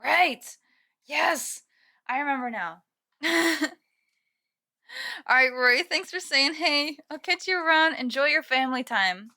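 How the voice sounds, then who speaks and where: A woman's voice: high-pitched, takes it slowly, long pauses, sharp tone. Giggly, chatty young woman streamer. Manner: giggly, chatty, reads chat aloud. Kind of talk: casual live-stream chat.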